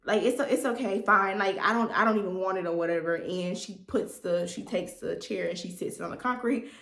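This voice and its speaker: Young woman, animated storytime vlogger, echoey room. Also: medium pitch, fairly quick, creaky. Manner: animated, chatty, addresses viewers as y'all. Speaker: vlogger telling a story time. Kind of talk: casual storytime chat to viewers.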